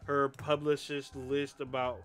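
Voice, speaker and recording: A man's voice: mid-range voice, little pitch movement, unhurried, a bit bright, faint music behind. A man co-hosting a podcast in casual chat, rambling loosely with many fillers and swearing. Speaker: podcast co-host.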